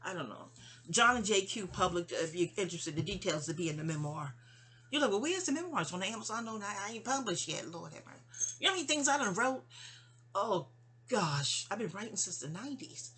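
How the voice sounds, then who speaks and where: A woman's voice: medium pitch, expressive, fairly quick, a bit bright, a little hiss or hum. A middle-aged woman in a rambling, candid personal monologue addressed to her mother. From New York. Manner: rambling, digressive, candid, stumbling restarts. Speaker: vlogger.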